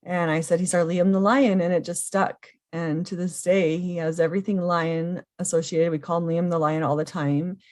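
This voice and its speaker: A woman in her thirties telling a personal story earnestly, often pausing with ums. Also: on the low side, flat delivery, darkish tone. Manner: earnest and emotional, with frequent ums. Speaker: podcast guest, foster and adoptive mother.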